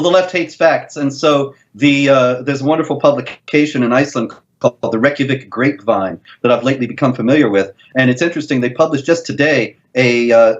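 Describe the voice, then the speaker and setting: A man answers interview questions in a measured, deliberate way, slowing down on key points. The sound is dull and lo-fi, as if coming in over a remote line. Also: medium pitch. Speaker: guest.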